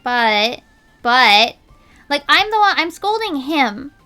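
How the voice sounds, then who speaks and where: A woman's voice: high-pitched, sing-song, slow, sharp tone, faint music behind. A young woman streamer chatting casually while she draws, telling an indignant story with lots of filler words.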